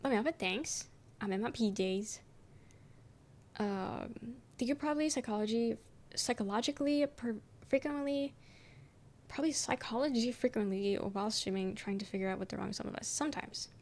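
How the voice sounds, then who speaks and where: A woman's voice: a little high, normal speed, darkish tone. Young woman streamer just yapping w chat, lots of ums and likes, swears casually. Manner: rambling, filler-heavy, swears casually, frequent "um". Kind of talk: casual chat reading viewer messages.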